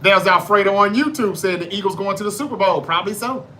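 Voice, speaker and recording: A man with a Southern Mississippi drawl chats loosely through a live sports stream, reading viewer comments aloud and answering each one. His voice sits a bit high and comes across bright and forceful. A faint hum of room ambience runs underneath. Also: fast. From North Mississippi, US. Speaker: podcast host reading live chat. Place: home in Memphis, Tennessee.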